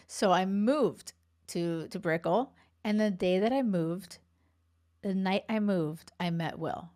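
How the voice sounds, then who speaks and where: A woman in her thirties, a love coach, talking casually and warmly on her podcast, rambling with fillers. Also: mid-range voice, unhurried. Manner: chatty, heartfelt, rambling with fillers.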